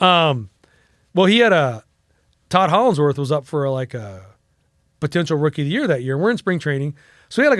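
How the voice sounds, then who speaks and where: A middle-aged man from the United States, a podcast guest telling stories casually, animated and profane, acting out the people he quotes. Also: fairly high pitch, no room sound, clean studio sound. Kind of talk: casual storytelling interview.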